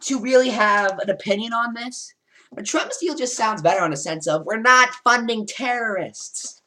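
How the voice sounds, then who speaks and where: A woman's voice: mid-range voice, expressive, moderate pace, fairly bright tone. A woman giving casual, sarcastic commentary with rambling asides.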